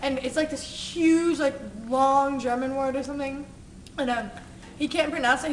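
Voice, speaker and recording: A woman's voice: high voice, steady tone, a little fast, distant mic. A young woman casually retelling a movie scene to friends, rambling with lots of "like" and frequent giggles. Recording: echoey room with noise.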